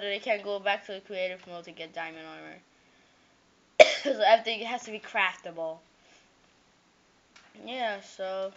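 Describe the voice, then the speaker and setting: A woman chatting through her gameplay, excitable and jokey, with sing-song repeated words. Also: medium pitch, lo-fi sound. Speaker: gameplay commentator. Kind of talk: casual game commentary.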